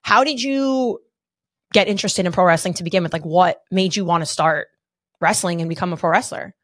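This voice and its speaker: A woman's voice: on the low side, fairly quick, no echo, studio quality. A woman hosting a podcast, asking questions in a chatty, enthusiastic way. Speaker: podcast host. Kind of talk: casual interview chat.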